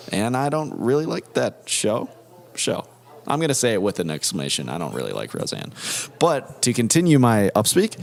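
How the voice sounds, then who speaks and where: A man co-hosting a podcast, chatting casually in a jokey, playful way. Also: lowish voice. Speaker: podcast co-host. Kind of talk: casual chat.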